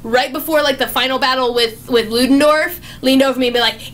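Young woman gushing about a movie she loved, high voice, lots of restarts, super casual. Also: fast talker, slight background noise. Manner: gushing and excitable, with many restarts. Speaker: movie reviewer. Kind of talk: casual spoken movie review.

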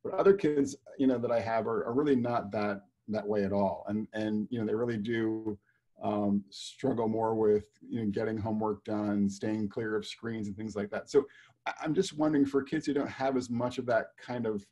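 A man's voice: fairly low pitch, fairly even intonation, moderate pace, mellow. A man on a video call asking the guest a long question, thoughtful and rambling, with many fillers. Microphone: video call microphone.

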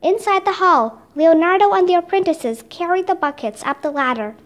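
A woman reading a children's chapter book aloud with steady, expressive narration. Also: very high-pitched, moderate pace. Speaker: storybook reader.

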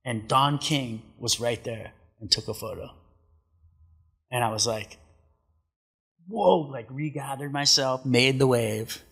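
A man's voice: medium pitch, slow pace, creaky, pauses often, a bit bright, slightly rough. A middle-aged man telling stories in a casual chat, laid-back, swearing a lot and acting out what people said. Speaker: podcast guest, pro surfer. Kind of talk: casual storytelling. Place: studio.

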